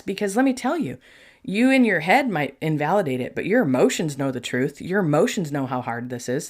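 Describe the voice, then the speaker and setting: Earnest chatty woman podcast host. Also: on the low side. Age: middle-aged. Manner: chatty, earnest and animated, addressing listeners as "you guys". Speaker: podcast host and Christian life coach. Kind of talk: casual faith-based podcast monologue.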